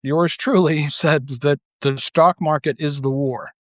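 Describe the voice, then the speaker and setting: A man's voice: a little high, fairly even intonation, unhurried, no room sound. A man giving a casual monologue as a political commentator, rambling and blunt, full of filler words and restarts. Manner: blunt and profane.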